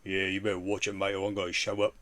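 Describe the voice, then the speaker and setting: A man voicing a rowdy London bloke demanding lager and money with loud, mock-threatening banter. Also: sits low, monotone, quick pace.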